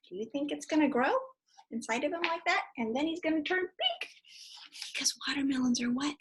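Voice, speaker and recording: A woman teacher animatedly reads a picture book aloud to young children and pauses to ask them questions. Her voice is high and fairly quick.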